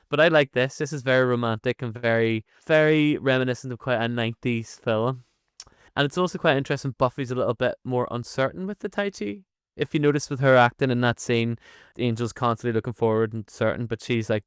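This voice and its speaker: Animated man, smooth dry voice. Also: mid-range voice, no echo. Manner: animated, swears freely, laughs often. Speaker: podcast co-host. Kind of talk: casual chat.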